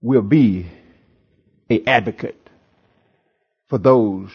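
A man's voice: lowish voice, very slow, slightly rough, dull audio. A male pastor preaching a sermon to a congregation in a church. He preaches with emphasis, repeats phrases, and chuckles often.

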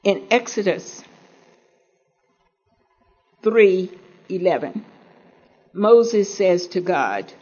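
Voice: mid-range voice, sing-song, extremely slow, pauses often, a little mellow, breathy edge, highs cut off. A preacher giving an earnest sermon, asking the listeners questions and paraphrasing scripture in homely words.

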